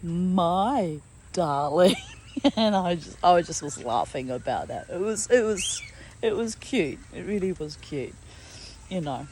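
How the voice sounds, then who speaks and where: Woman vlogger, rambling casual story, low-ish voice, faint background noise. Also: sing-song, normal speed, a little mellow, rough recording. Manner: chatty, rambling, many fillers.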